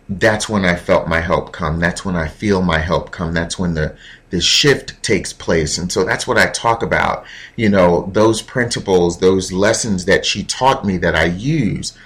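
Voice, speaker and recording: A man hosting his own show, talking in a reflective, heartfelt monologue with pauses and fillers. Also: low voice, fairly bright tone. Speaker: podcast host.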